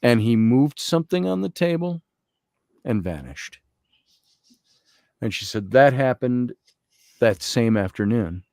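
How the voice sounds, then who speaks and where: A man guest, an Egyptologist, telling a story in conversation, animated and quoting others, and slowly reading aloud from a journal. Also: medium pitch, no room sound, clean studio sound. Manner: animated storytelling with quoted voices.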